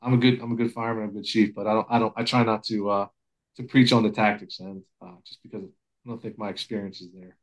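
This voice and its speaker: A man's voice: lowish voice, fairly even intonation, fast talker, poor audio. Plainspoken man, a fire chief. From Pennsylvania, USA. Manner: plainspoken, self-deprecating, many restarts. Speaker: assistant fire chief, guest. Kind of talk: casual podcast conversation.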